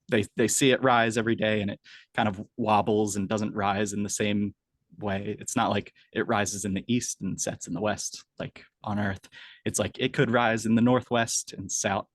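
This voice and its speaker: A man interviewed as an author, explaining ideas in a thoughtful, hesitant way with many pauses and fillers. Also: on the low side, little pitch movement, no room sound. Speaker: author guest. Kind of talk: casual interview chat.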